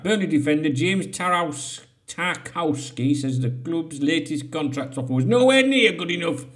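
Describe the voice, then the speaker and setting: A man's voice: sits high, fairly bright tone. Sweary man hosting a podcast. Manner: sweary, jokey asides between headlines. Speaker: podcast host. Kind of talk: casual solo podcast, reading out headlines.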